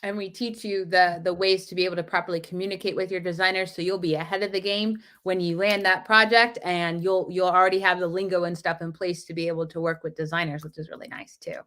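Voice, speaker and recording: A woman's voice: on the low side, little pitch movement, fast talker, hardly any pauses, a bit bright. A woman co-hosting a live Q&A, reading viewer questions aloud and adding supportive remarks. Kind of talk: live Q&A chat.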